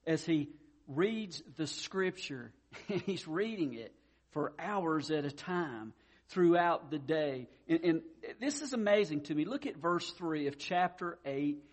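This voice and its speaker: A pastor delivering a sermon in a somewhat high male voice. He is folksy and conversational and leads into Scripture with a story. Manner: folksy, tells a joke before preaching.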